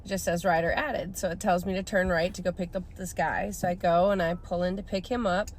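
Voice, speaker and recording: A woman's voice: fairly low pitch, fairly even intonation, brisk, slight background noise. A woman in her thirties, a rideshare driver casually telling a story and acting out the people she quotes.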